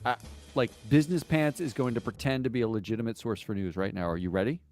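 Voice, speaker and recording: A man hosting a comedy business news show, delivering headlines in a snarky, deadpan mock-anchor style. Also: fast talker, soft background music. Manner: snarky, deadpan with lively pitch swings.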